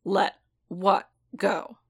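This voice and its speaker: A woman reading a gruff, growling warlord. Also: on the low side, steady tone, moderate pace, fairly bright tone. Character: gruff, suspicious male warlord, adult.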